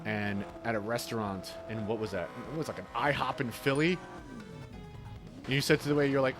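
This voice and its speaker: A man's voice: mid-range voice, fairly even intonation, brisk, over music. A man chatting casually while speedrunning a game, laid-back, laughing often and swearing freely. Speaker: speedrunning streamer. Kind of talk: casual chat while gaming.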